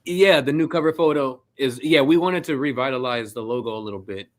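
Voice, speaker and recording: A man's voice: medium pitch, fairly quick. A young man with a Detroit accent co-hosting a fan podcast, teasing the others and laughing often in casual chat. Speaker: podcast co-host.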